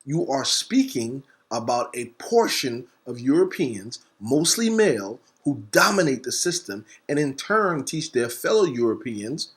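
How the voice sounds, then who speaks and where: A man hosting a talk segment, delivering a fiery, preacher-like monologue. He spells words out letter by letter and swings between rapid bursts and slow, stressed words. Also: mid-range voice, big pitch swings. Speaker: host. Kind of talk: impassioned monologue.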